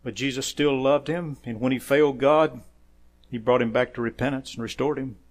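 A man preaching a sermon as pastor, quoting scripture, saying "amen" often, rising to loud emphatic phrases and dropping quiet for asides. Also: steady tone, normal speed. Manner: emphatic preaching that swells louder on key phrases and drops low and quiet for asides; quotes scripture with frequent "amen".

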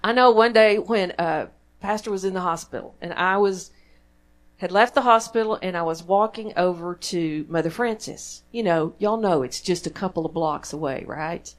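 A woman's voice: fairly low pitch, normal speed. A woman with a Texan accent preaching a sermon in church, in a conversational, folksy way that draws the congregation in with questions. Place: church sanctuary.

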